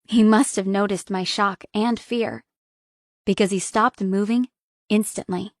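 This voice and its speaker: A young adult woman narrating a first-person romance audiobook in a soft, intimate reading. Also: medium pitch, fairly even intonation, a little slow, no room sound, studio quality.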